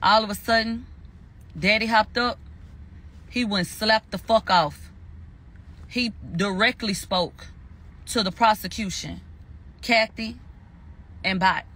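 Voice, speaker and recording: A man's voice: high-pitched, slow pace, pauses often, pushed and bright. A man giving a heated spoken recap, emphatic and profane, repeating phrases for stress. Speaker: commentator recounting a court verdict.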